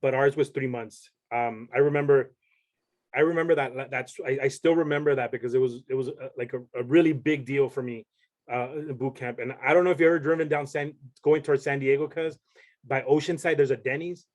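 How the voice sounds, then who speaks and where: A man's voice: medium pitch, fairly even intonation, fairly quick, a little mellow. A young man, a podcast guest, telling a story in casual chat and rambling with many restarts.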